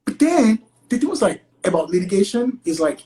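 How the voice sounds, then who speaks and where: A man's voice: high-pitched, brisk, low-quality recording. Male guest attorney from Nigeria, casual interview chat, filler-heavy "like" delivery. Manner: chatty, heavy use of "like" as filler; acts out quoted exchanges in lively voices.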